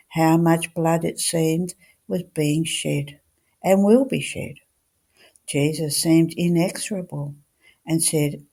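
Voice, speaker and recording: A woman with a gravelly, husky voice reads devotional passages aloud. Her tone is mellow and fairly low, and she puts feeling into the quoted dialogue. The pace is measured. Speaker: reader. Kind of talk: devotional scripture reading.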